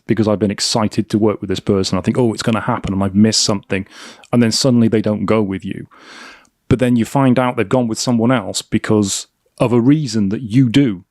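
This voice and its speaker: A man hosting a podcast interview, asking questions in a thoughtful, halting way. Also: fairly low pitch, a little mellow, no echo, clean studio sound. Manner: thoughtful, hesitant restarts. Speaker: podcast host.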